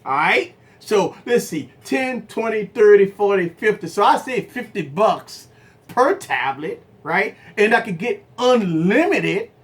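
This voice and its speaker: A man hosts a tech livestream and argues his opinions with his viewers. His pitch swoops up and down with animated energy. He hammers his points home with repeated phrases and rhetorical questions. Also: unhurried. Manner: talks straight to viewers as "guys". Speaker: tech channel host and business owner.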